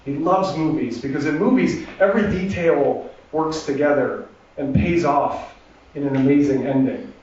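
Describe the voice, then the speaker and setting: Man, stand-up storyteller, self-deprecating, chatty, slightly high voice, echoey hall, distant, muffled sound. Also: a little mellow. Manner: self-deprecating, chatty, with restarts and quick asides. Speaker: comedian performing a solo show. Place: theater stage before a laughing audience. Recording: distant, roomy, dull live recording.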